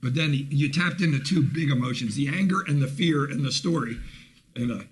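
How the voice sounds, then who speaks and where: A man with a church background judging a comedy contest, giving a measured, analytical critique. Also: mid-range voice, slightly rough.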